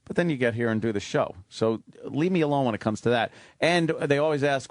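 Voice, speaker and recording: A man's voice: mid-range voice, fairly quick, dry recording, clean studio sound. A man hosting a radio show in casual chat, wry and profane, joking about himself. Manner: profane, wry, self-mocking.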